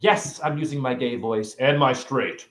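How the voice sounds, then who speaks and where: A man giving a provocative, preachy spiritual rant on his own vlog, swinging between loud outbursts and soft asides. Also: mid-range voice, a little slow. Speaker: self-styled spiritual teacher. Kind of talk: ranting vlog monologue. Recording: roomy echo.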